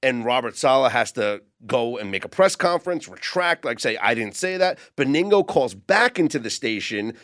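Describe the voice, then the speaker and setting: A man's voice: medium pitch, sing-song, normal speed, hardly any pauses, a bit bright. A man on a sports betting podcast, casually recounting football news in detail.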